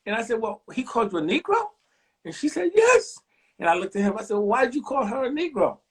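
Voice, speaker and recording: A man's voice: fast talker, husky. A man in his sixties, a library director, telling stories in an interview and acting out the voices of the people he quotes. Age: 60s. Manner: animated storyteller, acts out quoted voices with big pitch jumps. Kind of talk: storytelling interview.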